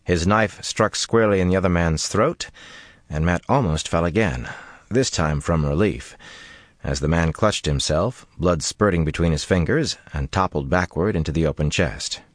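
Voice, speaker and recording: Deep-voiced man narrating an audiobook. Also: dry recording, studio quality. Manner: steady measured storytelling. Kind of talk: scripted narration.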